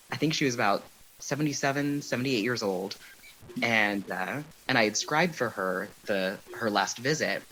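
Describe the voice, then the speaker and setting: A man speaking as a guest in a relaxed interview, telling stories at an unhurried pace with plenty of fillers. A faint hiss sits under the recording. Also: medium pitch, low-quality recording. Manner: relaxed storytelling with frequent fillers. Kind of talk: casual interview chat.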